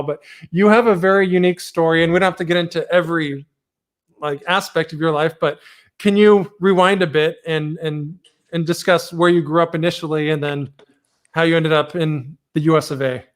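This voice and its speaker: A man's voice: on the high side, fairly even intonation, fairly quick. Light-voiced man co-hosting a video chat. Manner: friendly, laughing easily. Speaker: co-host. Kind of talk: casual video-call interview. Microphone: video call.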